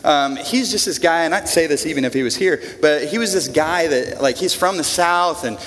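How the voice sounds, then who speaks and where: A man's voice: a little high, moderate pace, a bit bright. A man preaching a sermon to a congregation, talking in a conversational way, repeating words and asking them questions. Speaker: pastor. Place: church in front of a congregation. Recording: long reverb of a large room.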